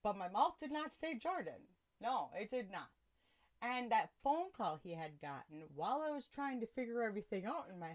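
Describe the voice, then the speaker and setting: A woman hosting a podcast, telling a personal story in a casual, animated way and laughing often. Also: medium pitch. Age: adult with children. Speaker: podcast host.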